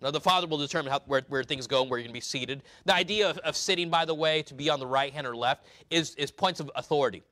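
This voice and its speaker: Guy preaching, chatty verse-by-verse style, bright tense voice, dry close sound. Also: on the high side, fast talker, hardly any pauses, no room sound. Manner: conversational, explaining scripture verse by verse. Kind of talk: sermon.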